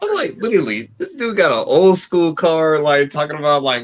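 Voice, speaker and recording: A man's voice: fairly high pitch, big pitch swings, moderate pace, highs cut off. A young man joking casually with friends while watching a horror film. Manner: laughing, joking banter. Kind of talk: casual movie commentary.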